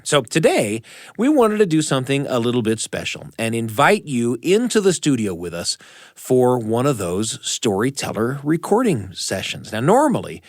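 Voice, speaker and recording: A man's voice: medium pitch, no room sound, clean studio sound. A man hosting a storytelling podcast, giving a scripted introduction that speaks directly to the listeners. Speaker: podcast host.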